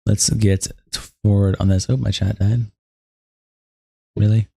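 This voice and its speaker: A man streaming live, reading a document aloud and tossing off quick, offhand reactions to his chat. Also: on the low side, level tone, vocal fry, dark tone, no echo. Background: faint background music.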